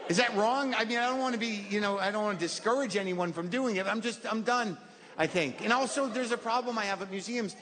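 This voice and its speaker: Middle-aged male comic, high voice, neurotic, long live reverb. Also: fast talker, crowd noise. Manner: neurotic, self-deprecating, rambling asides. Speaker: stand-up comedian. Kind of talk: stand-up routine. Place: comedy venue stage. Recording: live hall reverb with audience.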